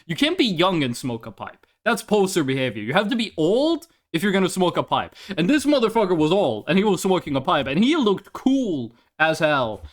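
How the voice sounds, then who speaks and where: A young adult man chatting casually on a live stream and telling a story with lots of profanity. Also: high-pitched.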